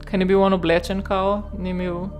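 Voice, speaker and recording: A woman's voice: mid-range voice, little pitch movement, brisk, faint music behind. A woman with a Slovenian accent, reading game text aloud and adding wry, sarcastic asides as she streams.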